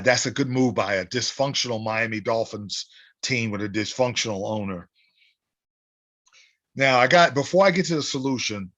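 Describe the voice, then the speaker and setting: Male sports talk host, punchy and insistent, bright cutting voice. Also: medium pitch. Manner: emphatic, repetitive rallying delivery. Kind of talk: opinion monologue.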